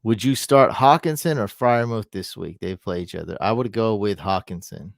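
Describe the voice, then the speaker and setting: Man, low voice, live-stream host, thinks aloud, answers chat, dry close sound. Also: moderate pace, creaky, no room sound. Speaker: fantasy football streamer. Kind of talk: casual live-stream advice.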